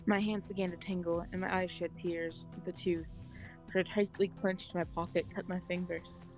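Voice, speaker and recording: A woman reading a dark visual novel aloud for a let's play, in a low voice. She delivers the melodramatic text in a flat, deadpan way, with faint music underneath. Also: moderate pace, rough recording.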